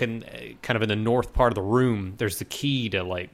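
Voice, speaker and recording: A man co-hosting a casual podcast chat, talking in a relaxed way with many fillers and restarts. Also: lowish voice, measured pace. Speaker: podcast co-host.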